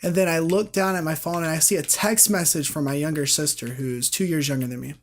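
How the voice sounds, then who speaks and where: A man in his twenties, a podcast guest, telling a story in an animated, halting way with many restarts. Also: on the high side. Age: 20s. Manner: animated, halting retelling with repeated starts. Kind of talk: casual storytelling.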